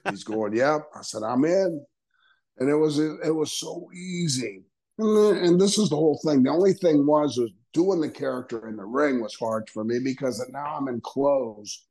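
A man's voice: medium pitch, lively intonation, moderate pace, dark tone, poor audio. An older man, a guest on an interview podcast, telling stories casually and acting out quoted dialogue with frequent laughs. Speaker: guest, retired wrestler.

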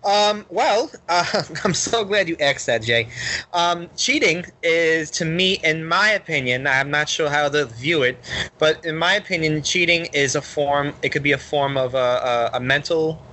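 An excitable man with a New York accent co-hosts a casual podcast. His voice is bright and forceful, with frequent laughter and rambling restarts. A faint noise sits behind him. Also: on the high side, unhurried. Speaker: podcast co-host.

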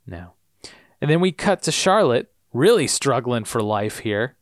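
A chatty man co-hosting a podcast who recaps a TV show with a very lively, swinging pitch. He laughs often and slips into character voices. The sound is close and dry. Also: moderate pace, no room sound. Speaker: podcast co-host. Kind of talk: casual TV recap chat.

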